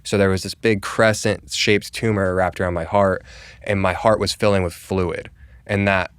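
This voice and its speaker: A young man from Colorado talks as a podcast guest, telling a personal story in a relaxed, conversational way. His voice sits fairly low and comes through smooth and clear, and he keeps saying "like" and acting out what people said. The sound is dry and close, with no room echo. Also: normal speed. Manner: conversational, full of "like", acts out quoted dialogue. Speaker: podcast guest, real estate agent. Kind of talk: casual storytelling interview.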